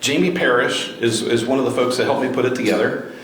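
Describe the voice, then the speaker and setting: A man's voice: medium pitch, fairly even intonation, fast talker. A man giving a motivational talk to a live audience, urging them on with repeated rallying questions. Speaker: speaker at a grassroots political gathering. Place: event room with a crowd. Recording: very echoey room, faint noise.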